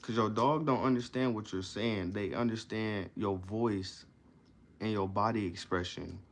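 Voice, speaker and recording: A man reading passages from a self-help book aloud and explaining them in casual slang, often repeating and restarting himself. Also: fairly low pitch. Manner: reads passages, then explains them in loose slang asides.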